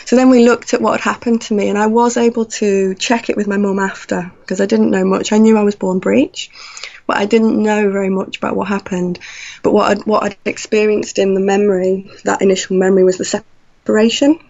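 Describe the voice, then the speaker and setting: A woman telling a personal story in an animated way, acting out her own past thoughts. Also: mid-range voice, brisk, gravelly. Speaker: guest. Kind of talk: conversational storytelling. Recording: slightly dull lo-fi audio.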